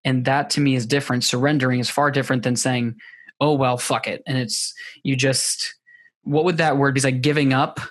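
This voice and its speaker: A man's voice: mid-range voice, flat delivery, fairly quick, fairly bright tone, dry recording. A man talks openly in a podcast conversation. His voice stays level and unvaried, and he often restarts his sentences while he searches for the right words. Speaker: podcast guest. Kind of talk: candid personal conversation.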